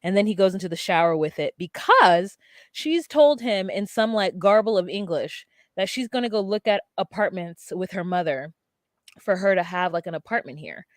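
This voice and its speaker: A woman's voice: mid-range voice, normal speed, no echo. Dry-sounding woman recapping with gusto. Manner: animated, acts out quoted lines. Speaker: podcast co-host. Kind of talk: casual reality-TV recap chat.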